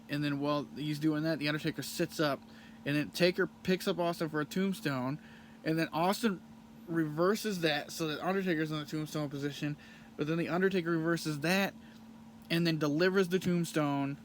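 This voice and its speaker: A man's voice: fairly high pitch, a little hiss or hum. Casual rambling young man recapping. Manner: rambling, frequent ums and restarts. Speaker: podcast host reviewing a wrestling match. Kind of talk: casual play-by-play recap and review.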